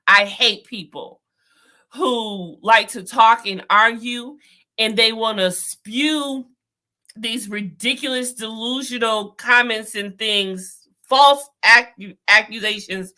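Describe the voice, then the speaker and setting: A woman's voice: mid-range voice, bright, forceful tone. A young adult woman giving outspoken, exasperated political commentary, talking straight to her viewers. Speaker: vlogger.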